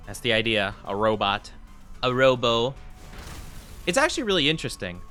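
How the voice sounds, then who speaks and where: Bright-voiced man chatting on a game stream. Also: fairly low pitch, wildly swooping pitch, fast talker, soft background music. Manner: rambling and chatty, with lots of fillers. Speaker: livestreamer. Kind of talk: casual chat with viewers while playing a game.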